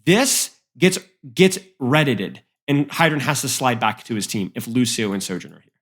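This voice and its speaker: A man's voice: medium pitch, lively intonation, moderate pace, fairly bright tone, breathy edge. A man working as an esports coach, reviewing match footage with blunt, emphatic critique and frequent repeats. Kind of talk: analytical game review.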